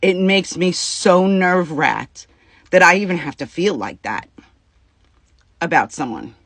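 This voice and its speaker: A woman's voice: on the low side, expressive, a little slow, a bit bright, dry recording. A woman venting to her viewers about a personal dispute, upset and near tears, swearing freely and talking in bursts. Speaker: vlogger. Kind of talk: casual venting to camera.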